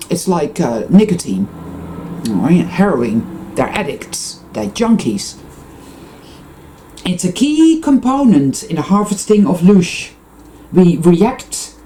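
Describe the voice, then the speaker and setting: Animated low-voiced woman vlogging. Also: low-quality recording. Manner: impassioned, swears freely, stops and restarts sentences. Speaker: spiritual vlogger. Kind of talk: unscripted spiritual monologue to camera.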